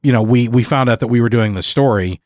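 A male podcast host talks earnestly in casual chat, wandering through his thoughts with plenty of fillers. His voice sits at a middle pitch. The recording is close and dry. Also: fast talker, a little mellow, no room sound. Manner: earnest, rambling, with many fillers. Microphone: studio mic.

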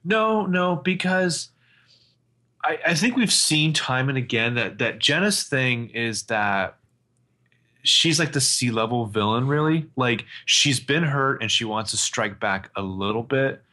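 Guy doing a tv recap podcast, bright voice, swings his pitch all over, acts out the lines. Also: unhurried. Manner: animated storyteller, acts out quotes, swears casually. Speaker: podcast co-host recapping a TV episode. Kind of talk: casual chat.

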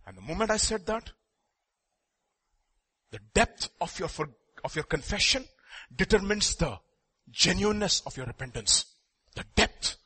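Emphatic preacher man, bright voice. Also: sits high, very animated, unhurried, pauses often, slightly rough. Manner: emphatic, swings between loud declaring and hushed confiding; reads scripture aloud, asks the congregation questions. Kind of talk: sermon.

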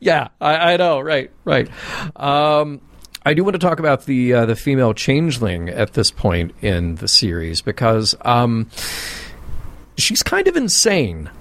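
A man's voice: mid-range voice, big pitch swings, measured pace, a bit bright, dry recording. A man co-hosting a podcast, chatting casually and emphatically with frequent exclamations. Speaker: podcast co-host. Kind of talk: casual chat.

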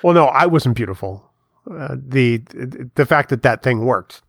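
A man's voice: mid-range voice, lively intonation, measured pace, gravelly, no room sound, clean studio sound. A man co-hosting a podcast, teasing his partner in casual, playful banter. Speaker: podcast co-host. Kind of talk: casual chat.

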